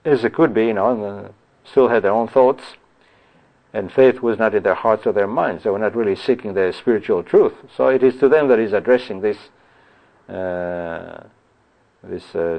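A man preaching a Bible teaching sermon. He reads scripture slowly, then explains it in a conversational way, with frequent "you see" and "you know". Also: fairly low pitch, creaky, muffled recording.

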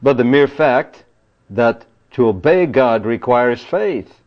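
Earnest guy preaching a bible study, mid-pitched voice, keeps saying "you see", dull lo-fi recording. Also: lively intonation, slow pace.

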